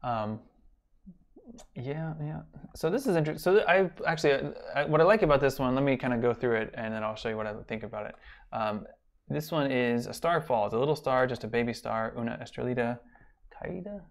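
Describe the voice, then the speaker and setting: Gravelly man lecturing casually. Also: medium pitch, brisk. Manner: rambling, many fillers and restarts. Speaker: college instructor.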